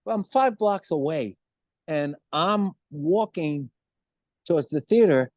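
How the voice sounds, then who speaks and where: A man in his seventies, a musician guest in an interview, telling stories in an animated way. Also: a little high, slow, no echo, clean studio sound. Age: 70s. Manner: animated storyteller, acts out quoted voices. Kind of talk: storytelling interview.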